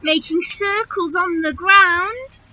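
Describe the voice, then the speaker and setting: A woman teacher reading a picture book aloud to children, expressive and asking them questions as she goes. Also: extremely high pitch, slow pace, dull audio, heavy background noise. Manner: expressive, warm-toned questioning of young listeners.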